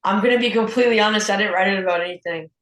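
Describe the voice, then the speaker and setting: A man's voice: high-pitched, very fast. Casting: teen boy guitarist, laid-back interview guest, echoey room. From United States. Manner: relaxed, chatty, with repeated restarts. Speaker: young blues guitarist, guest. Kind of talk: casual interview chat.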